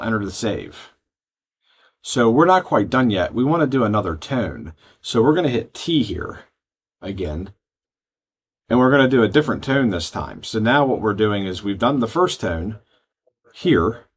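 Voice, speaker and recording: A man giving a step-by-step software tutorial, explaining settings plainly with frequent ums. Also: lowish voice. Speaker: product trainer. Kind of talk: screen-recorded software tutorial.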